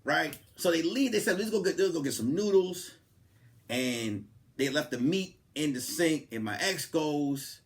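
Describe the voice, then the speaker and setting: Guy comic telling a wild story on his podcast, highish voice, super lively, goes quiet then gets loud. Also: moderate pace. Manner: animated, swings from hushed asides to loud laughing outbursts. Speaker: comedian podcast host.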